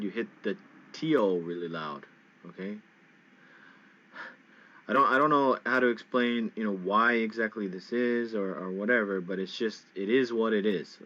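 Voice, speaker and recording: A man's voice: fairly low pitch, fairly bright tone. A man teaching English pronunciation in a casual lesson, patiently repeating words for learners. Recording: dull lo-fi sound.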